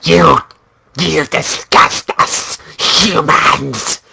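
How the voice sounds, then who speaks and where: A man voicing a screeching male vulture creature that despises humans, with a strained, shouted rasp. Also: on the high side, extremely slow, noisy background, full character voice. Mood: disgusted.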